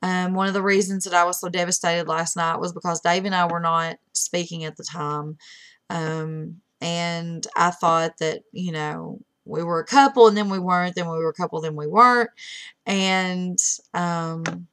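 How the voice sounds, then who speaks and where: A middle-aged woman giving a heartfelt, halting farewell to her online friends, holding back tears. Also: fairly low pitch, steady tone, a bit bright, clean tone. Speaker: webcam streamer. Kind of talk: emotional farewell message.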